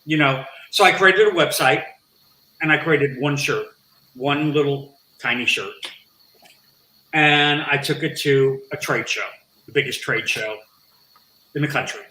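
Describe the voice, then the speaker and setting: A man who is a guest on an interview podcast, telling a story with animated, acted-out dialogue. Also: fairly high pitch, measured pace, long pauses, roomy sound, low-quality recording. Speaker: interview guest, nonprofit founder.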